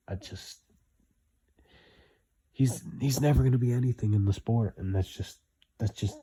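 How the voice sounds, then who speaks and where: Blunt low-voiced man, repeats himself. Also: warm tone, slightly rough. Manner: blunt, repetitive, emphatic. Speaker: commentator. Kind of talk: opinionated solo commentary.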